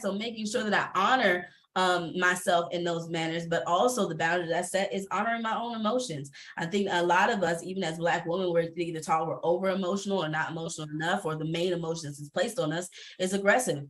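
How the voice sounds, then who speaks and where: A woman's voice: on the low side, a little fast, hardly any pauses. A woman, talking candidly and emphatically as a panelist on a video call, often laughing. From Atlanta area. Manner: animated, laughing, emphatic repetition. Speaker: panelist, entrepreneur and former teacher.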